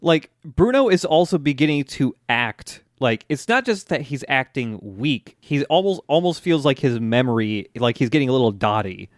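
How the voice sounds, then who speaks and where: A man's voice: mid-range voice, lively intonation, normal speed, few pauses, no room sound, clean studio sound. A man co-hosting a podcast, recapping episodes in casual chat and acting out character lines with laughs. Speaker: podcast co-host.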